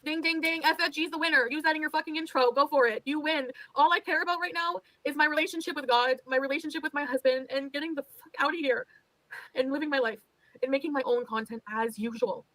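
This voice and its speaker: A woman's voice: high-pitched, fast, pushed and bright, no echo, rough recording. A woman streamer venting on a livestream, exasperated and resigned, swearing often. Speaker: streamer in a played clip.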